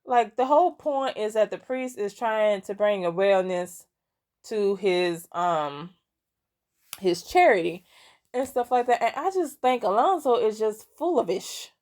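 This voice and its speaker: Young woman, unhurried and chatty, rambling recap with frequent laughs, mid-range voice. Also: mid-range voice. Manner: rambling, many fillers and restarts; laughs often, amused and expressive. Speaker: gaming content creator. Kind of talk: casual story recap.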